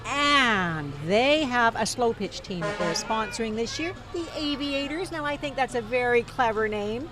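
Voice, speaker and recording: A woman giving lively live commentary at an outdoor street parade, exclaiming at what passes by. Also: a little high, a little slow, hardly any pauses. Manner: enthusiastic, exclaiming. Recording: music playing behind.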